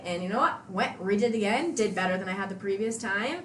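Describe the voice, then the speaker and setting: Woman, podcast guest, casual animated storytelling, mid pitch, roomy echo, faint background noise. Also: quick pace. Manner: animated, acts out quoted exchanges. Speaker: podcast guest, CrossFit athlete.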